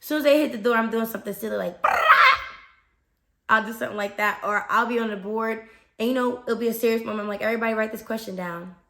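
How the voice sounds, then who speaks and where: A young American woman, a fifth grade teacher, giving casual animated advice on her podcast with frequent "okay?" check-ins. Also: a little high, rapid-fire, creaky. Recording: echoey room.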